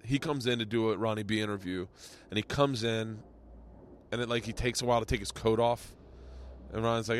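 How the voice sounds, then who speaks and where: A man's voice: lowish voice, fairly even intonation, a little fast, slight background noise. A man hosting a podcast, telling a rambling anecdote in casual chat, acting out voices and swearing freely. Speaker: podcast host. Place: outdoors.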